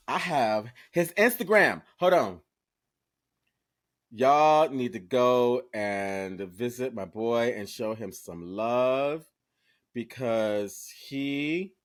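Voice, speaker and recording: A man co-hosting a podcast, chatting casually and telling a lively story, talking straight to listeners and swearing freely. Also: medium pitch. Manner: animated storyteller who acts out quoted voices. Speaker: podcast co-host. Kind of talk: casual chat.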